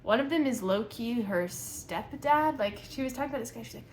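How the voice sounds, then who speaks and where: A young woman reviewing a book in a casual, chatty way, nitpicky and animated. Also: a little high, fairly quick, a little hiss or hum. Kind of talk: casual chat.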